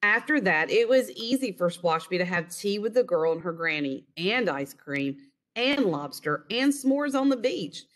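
A woman reading a children's picture book aloud in an expressive storytelling manner, recorded over a screen share. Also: medium pitch, unhurried. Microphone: online screen-share recording.

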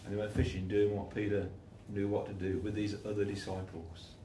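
Speaking brisk and flat in a mellow, lowish voice, a man delivers a chatty, informal sermon, acting out the voices of the characters in his stories. The echoey room places him at a distance, and a little hiss or hum is present.

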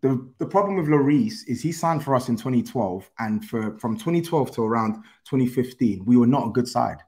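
A man's voice: medium pitch, animated, brisk, a little mellow. A man with a London accent arguing his point on a football podcast panel, insistent and laughing as he defends himself. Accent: London English. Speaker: podcast panelist, Spurs fan. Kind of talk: heated football podcast chat.

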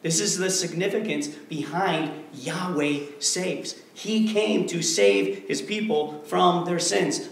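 A male pastor preaching a sermon, emphatic and repetitive, swinging between hushed passages and forceful declarations. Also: high voice, takes it slowly, vocal fry, few pauses. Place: church sanctuary. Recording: very echoey church hall, mic far off.

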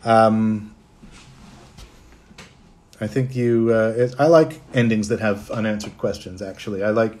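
A man's voice: fairly low pitch, fairly even intonation, unhurried, pauses often, a little mellow. A middle-aged man from Canada, a voice actor, chatting casually on a livestream, reading out fan comments and answering them.

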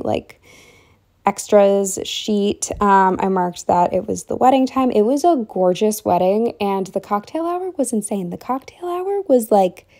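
Young woman, planner vlogger, mellow and chatty, slightly breathless. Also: medium pitch. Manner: chatty, rambling, lots of fillers. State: short of breath. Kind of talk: casual planner walkthrough voice-over.

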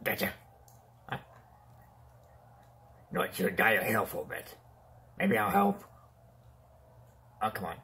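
A man's voice: fairly low pitch, huge pitch swings, measured pace, gravelly, pauses often, sharp tone, exaggerated voice. A man voicing a boastful, whiny male clown villain in a toy-figure fan play, pleading and taunting by turns and yelping in pain.

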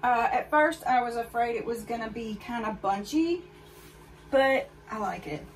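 A woman with a slightly high voice talks at a moderate pace during a casual try-on haul, chatting frankly with viewers about the clothes. Her voice is a little distant from the mic, over faint background noise.

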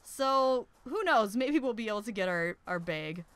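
Young woman let's-play host, high bright voice, excitable and giggly. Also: moderate pace, smooth, dry recording. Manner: excitable, shrieks and laughs at in-game danger. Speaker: gaming YouTuber.

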